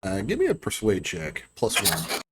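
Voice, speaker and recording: Guy running a tabletop game, lots of uhs, low-ish voice. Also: husky. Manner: relaxed, halting, many fillers. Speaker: game master.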